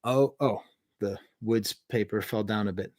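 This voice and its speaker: A man's voice: lowish voice, unhurried, darkish tone. A man hosting a music review livestream from home, ranking albums with enthusiastic, rambling talk and reading out the live chat. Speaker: music review show host.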